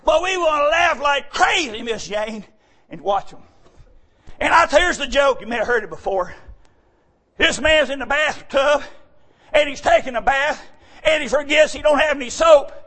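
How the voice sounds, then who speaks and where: Man, very high voice, joking church talk, often shouts. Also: animated, normal speed, pauses often. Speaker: church speaker. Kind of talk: folksy joking sermon.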